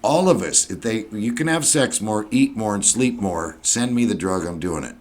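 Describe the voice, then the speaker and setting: A man's voice: lowish voice, animated, moderate pace. A man interviewing a guest in a folksy, rambling way, telling stories and jumping between thoughts.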